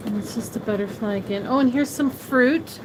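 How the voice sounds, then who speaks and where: A woman's voice: a little high, fairly quick, noisy background. A woman hosting a casual live sewing demo from a sewing shop, chatting admiringly and answering viewers by name. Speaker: sewing shop livestream host.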